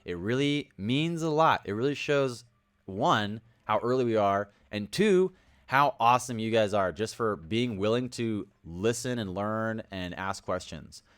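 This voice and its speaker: A young man hosting a casual livestream, rambling and energetic, greeting viewers by name and sometimes yelling. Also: on the low side, measured pace. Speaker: livestream host.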